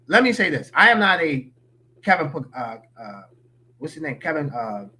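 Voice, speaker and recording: A man's voice: a little high, very animated, moderate pace, pushed and bright. A man giving opinionated, slangy sports talk as a podcast guest.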